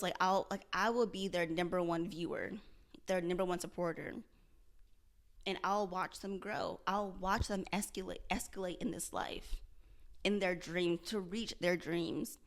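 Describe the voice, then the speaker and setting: Earnest young woman in a confessional vlog. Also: mid-range voice. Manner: earnest, self-searching, repeats and restarts phrases. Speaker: vlogger.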